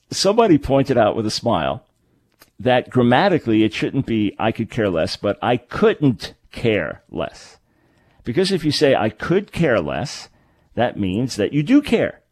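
A man's voice: mid-range voice, a little mellow, no echo. Emphatic man hosting talk radio, dry studio sound. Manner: emphatic, explanatory, self-correcting. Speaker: radio talk show host. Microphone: studio microphone.

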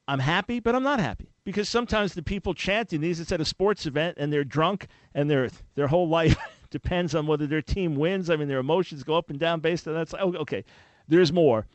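A man hosting a call-in radio talk show, speaking in an emphatic, animated preaching style with sudden loud peaks. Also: a little high, dry recording.

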